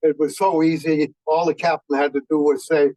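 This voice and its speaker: A man in his nineties, a veteran, tells war stories in a folksy way and often pauses on fillers. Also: a little high, little pitch movement, dark tone, no echo, rough recording. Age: 90s. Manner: folksy, halting with many fillers. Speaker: veteran speaker. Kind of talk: anecdotal war storytelling.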